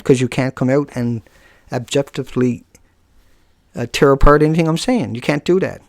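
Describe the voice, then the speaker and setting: Gravelly, combative man ranting on camera. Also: on the high side, dry recording, clean studio sound. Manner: combative, scornful, jumps from rant to joking asides. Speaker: video blogger. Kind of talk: live-streamed rant to viewers.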